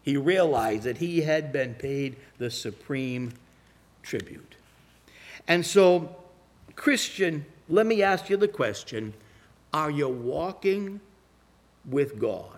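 A man preaching a sermon, telling folksy stories and slowing down to press his points. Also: a little high, animated. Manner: folksy storytelling with slow emphatic phrasing.

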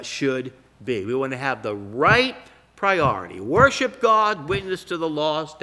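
A middle-aged man preaching a sermon as pastor, reading scripture aloud and slowing down to stress key phrases. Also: medium pitch, bright, forceful tone.

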